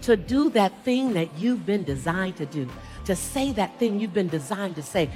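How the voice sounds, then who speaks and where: On stage before a large audience, a middle-aged woman gives a live motivational speech in an expressive, slightly mellow mid-range voice at normal speed. She speaks emphatically in a rhythmic, repeating cadence and calls for replies from the crowd, with soft music in the background.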